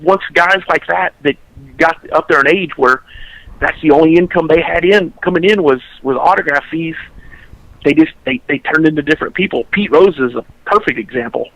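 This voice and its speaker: Man for a podcast co-host; tense, bright tone, a bit high, rambles and restarts. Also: moderate pace, poor audio. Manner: rambling, restarts sentences often. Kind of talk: casual storytelling chat.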